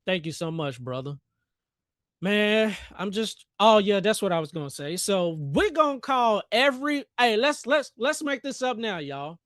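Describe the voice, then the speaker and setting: A man's voice: high-pitched, sing-song, a little slow, fairly bright tone, no echo, studio quality. A young man hosting a live trading stream, giving playful, hyped commentary in slang and joking with his chat. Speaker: trading livestream host.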